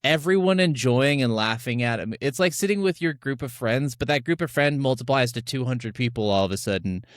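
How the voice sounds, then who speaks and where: A man co-hosting a podcast in casual chat, telling stories with animated bursts and laughs. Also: medium pitch, a little fast, no room sound, clean studio sound. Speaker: podcast co-host.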